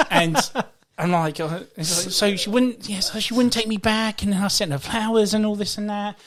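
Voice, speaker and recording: Laughing often, a male podcast co-host tells stories animatedly during a relaxed conversation with friends. His voice sits high, and he talks at a normal speed.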